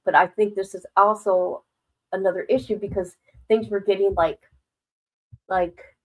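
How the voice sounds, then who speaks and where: A woman's voice: mid-range voice, fairly even intonation, unhurried, darkish tone, low-quality recording. An older woman streamer chatting casually and candidly, rambling, swearing freely, and worried while laughing her troubles off. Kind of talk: casual livestream chat.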